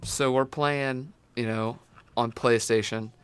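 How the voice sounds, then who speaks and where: A man co-hosting a casual sports podcast who tells rambling, animated stories. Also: medium pitch, slow pace, smooth. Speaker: podcast co-host.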